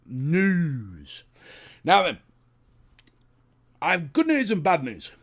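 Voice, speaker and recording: A man's voice: high-pitched, wildly swooping pitch, takes it slowly, a bit bright, breathy edge. A British man hosting a casual livestream, chatting to viewers and reading their comments, jokey and talking straight to the chat. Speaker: livestream host.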